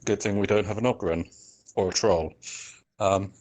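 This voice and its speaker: A man's voice: lowish voice, steady tone, moderate pace, a little mellow, low-quality recording. A man narrating his character's actions as a player in a tabletop game. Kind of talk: casual tabletop play.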